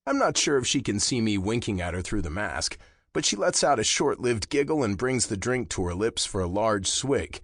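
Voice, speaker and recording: A man with a lowish voice narrating a first-person romance audiobook in a slow, intimate way. His pitch moves a great deal, dipping low and lifting for emphasis, and the studio sound is dry and close. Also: sing-song, a bit bright, no room sound.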